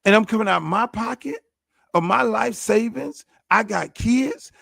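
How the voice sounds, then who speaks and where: A man's voice: high voice, normal speed, vocal fry, fairly bright tone, dry recording, clean studio sound. A man who is a show host and football coach, venting in a heated, profane, repetitive rant. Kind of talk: casual ranting monologue.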